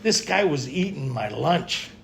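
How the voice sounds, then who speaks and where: A man's voice: on the high side, lively intonation, unhurried, vocal fry, fairly bright tone. A man speaking casually to a group at a retreat, often checking in with his listeners. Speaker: recovery speaker at a men's retreat. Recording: faint room ambience and noise.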